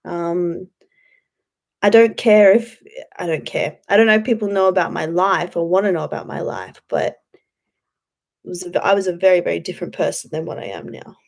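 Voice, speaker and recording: A woman's voice: lowish voice, steady tone, normal speed, vocal fry, a little mellow. A woman hosting a casual livestream, rambling, swearing freely and answering chat. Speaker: YouTube livestream host.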